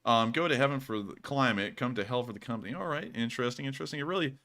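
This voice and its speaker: Male livestream host, bright forward tone, exhausted, rambling with fillers. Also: medium pitch, rapid-fire. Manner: rambling, frequent fillers and thank-yous. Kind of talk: livestream war news commentary.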